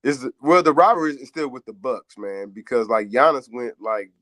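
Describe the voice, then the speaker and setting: A man's voice: medium pitch, lively intonation, moderate pace, a bit bright, no echo. A man co-hosting a sports radio show, chatting casually in a slangy, rambling way. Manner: laid-back, slangy, rambling delivery.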